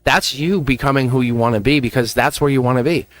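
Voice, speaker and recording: Here the tarot livestream host speaks quickly in a medium-pitched voice. His talk is chatty and encouraging, punctuated by frequent laughter.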